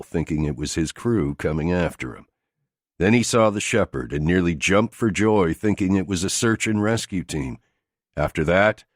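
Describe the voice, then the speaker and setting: A man narrating an action thriller audiobook in a steady, gritty delivery. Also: low-pitched, no room sound, clean studio sound.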